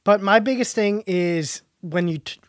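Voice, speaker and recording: A man co-hosting a podcast, chatting casually in a deadpan, halting way full of fillers. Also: high-pitched, a little hiss or hum. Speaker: podcast co-host. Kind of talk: casual chat.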